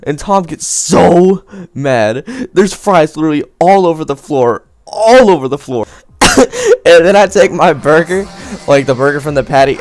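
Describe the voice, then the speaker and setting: A young man spins a crude, rambling story with a voice pitched a bit high and swinging widely up and down. He keeps breaking into laughter as he talks, and faint music sits behind him. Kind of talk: animated comedic storytelling.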